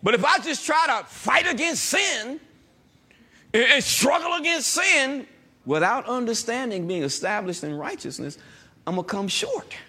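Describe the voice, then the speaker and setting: A male pastor preaching with a high, bright voice that swings widely in pitch. He draws out scripture lines slowly and with emphasis, then turns to the congregation with quick call-and-response asides. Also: lively intonation, breathy edge. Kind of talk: sermon.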